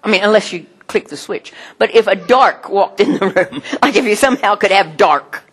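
A middle-aged woman, giving a sermon with personal stories in a chatty, animated way and often laughing. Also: mid-range voice, normal speed, breathy edge.

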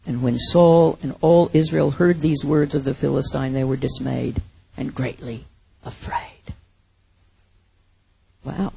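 A woman preaching a sermon, telling a Bible story with lively acted-out asides. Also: very deep voice, a little slow, creaky, pauses often, slightly rough, low-quality recording.

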